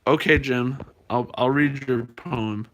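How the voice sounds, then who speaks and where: A man's voice: medium pitch, slow pace, lo-fi sound. A man live-streaming from home, chatting loosely with his viewers and rambling through fillers and restarts. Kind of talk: casual live-stream chat.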